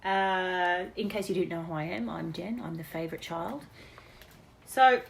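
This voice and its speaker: A woman's voice: on the low side, a little slow, creaky, slight background noise. An Australian woman casually reminiscing in an unrehearsed birthday message, chatty and laughing between stories. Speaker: daughter giving a birthday message.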